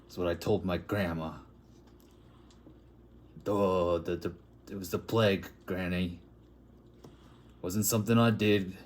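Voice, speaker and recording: Low-pitched and steady, he takes it slowly with long pauses, and the recording has a little hiss or hum. The man is an artist voicing a grimy plague doctor from a back-alley town in an improvised comic monologue that rambles and turns crude.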